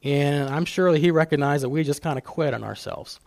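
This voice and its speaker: A man's voice: on the high side, a little fast, gravelly, a little mellow, no room sound. Man telling personal stories, dry sound. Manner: personal storytelling with many restarts. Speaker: guest speaker. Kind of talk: church talk on fatherhood.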